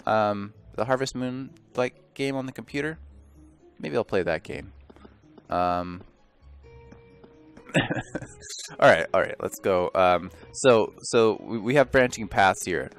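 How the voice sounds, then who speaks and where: A man's voice: on the low side, lively intonation, slow pace, pauses often, soft background music. A man rambling and joking through casual let's play commentary, often stopping and restarting mid-thought. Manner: rambling, self-interrupting, joking.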